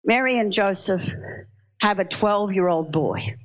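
A woman preaching a sermon, telling stories in a lively way and asking the audience questions. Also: mid-range voice, measured pace. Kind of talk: sermon with storytelling.

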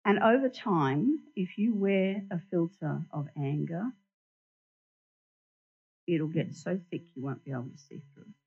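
A woman giving an animated sermon in a church, asking the congregation questions and showing them props. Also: fairly low pitch, a little slow, pauses often, husky. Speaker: church speaker. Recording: dull lo-fi recording.

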